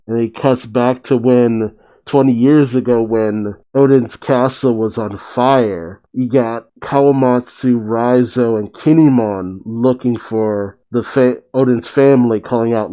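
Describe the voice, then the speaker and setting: A man's voice: mid-range voice, unhurried, mellow, rough recording. A man casually recapping a comic chapter, chatty, laughing often and correcting himself. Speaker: manga reaction host.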